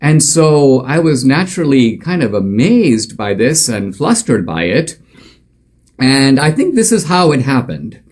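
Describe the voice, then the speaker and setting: A man's voice: medium pitch, sing-song, a little slow, a little mellow, slightly rough. A male author and commentator telling a story in an emphatic, conversational monologue with frequent fillers.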